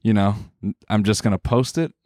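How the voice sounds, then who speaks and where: A man in his thirties chats casually on a podcast, cracking jokes and laughing easily. His voice sits a bit low. The sound is dry and close, with no room echo. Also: steady tone, brisk, dark tone. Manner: laid-back, joking, laughs often. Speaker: podcast host. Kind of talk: casual chat.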